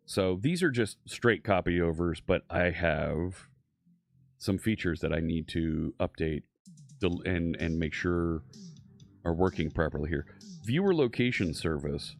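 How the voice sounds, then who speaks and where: Low-voiced man musing through code. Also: lively intonation, unhurried, vocal fry, no room sound, faint music behind. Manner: rambling, thinks aloud with many fillers and restarts. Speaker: live-coding streamer host. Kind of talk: casual live-stream coding chat.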